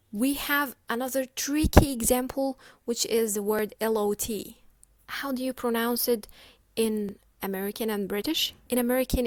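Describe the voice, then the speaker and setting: Woman lecturer, fairly high voice, keeps checking understanding with "okay?", close and dry. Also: a little mellow, no room sound. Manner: checks in often with "okay?" and "right?". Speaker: teacher. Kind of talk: explanatory lecture.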